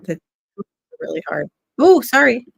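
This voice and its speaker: A woman's voice: fairly high pitch, very animated, measured pace, gravelly, slightly rough, no echo, clean studio sound. A woman from Florida with a nasal voice hosts a casual gardening livestream, chatting with viewers and answering their comments aloud. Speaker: livestream host.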